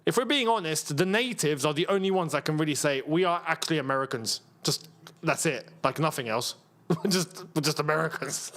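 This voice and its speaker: A man hosting a live football watchalong, chatty and rambling, with excitable bursts at the match action. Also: sits high. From England. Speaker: football channel host.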